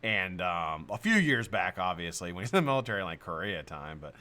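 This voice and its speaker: In a low voice and at a fairly quick clip, a middle-aged man chats through stories on his live stream, animated, cursing freely, and laughing a lot.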